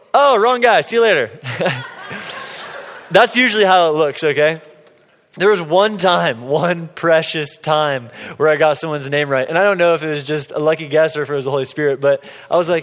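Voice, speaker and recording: A man preaching, telling a personal story with playful, lively quotes of himself and others. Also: fairly high pitch. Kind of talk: sermon storytelling. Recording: long hall reverb.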